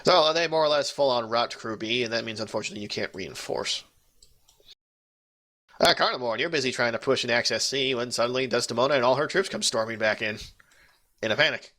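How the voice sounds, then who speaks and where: A man's voice: mid-range voice, a little fast, pushed and bright. A man running a tabletop game as game master, joking and rambling with restarts.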